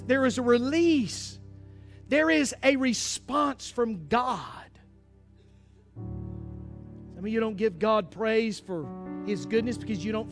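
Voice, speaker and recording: A male pastor preaching a folksy, emphatic sermon with bits of humor. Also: sits high.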